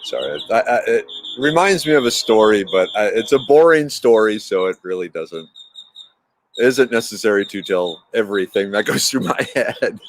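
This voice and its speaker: A man's voice: fairly low pitch, lively intonation, normal speed, slight background noise. Rambling man chatting outdoors. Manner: rambling, laughs easily. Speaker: livestream host reading chat. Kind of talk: casual chat and storytelling. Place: outdoors in a yard.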